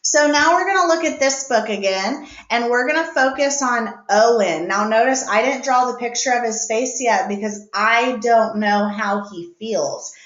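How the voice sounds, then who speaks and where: A woman's voice: a little high, normal speed, few pauses, fairly bright tone, reverberant, muffled recording. A woman teacher giving a recorded reading lesson to young children, explaining patiently step by step.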